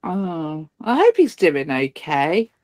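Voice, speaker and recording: A woman's voice: deep voice, sing-song, takes it slowly, a little mellow, dry recording. A young adult woman, co-hosting a podcast in casual chat, sweary and laughing often. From Cornwall. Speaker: podcast co-host.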